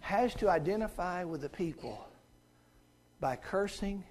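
High-voiced Southern preacher. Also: male voice, lively intonation, unhurried, a little hiss or hum. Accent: Southern American. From American South. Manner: folksy, swinging from hushed asides to shouted peaks. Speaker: guest preacher. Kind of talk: sermon.

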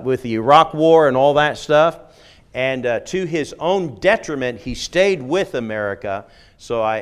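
A middle-aged man who grew up in the United Kingdom, a former missionary, giving a conversational lecture on religion in an emphatic manner, checking in with frequent "okay?" asides. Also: mid-range voice.

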